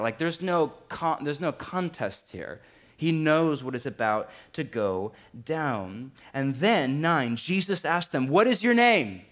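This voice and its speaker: A man in his thirties preaching a sermon in a church, animated and lively, with humor. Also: mid-range voice. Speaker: pastor. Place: church sanctuary.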